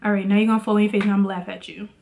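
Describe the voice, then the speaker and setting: A woman's voice: medium pitch, level tone, racing, creaky, noisy background, natural voice. A woman voicing a teasing, amused God who scolds in a playful way. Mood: scolding playful.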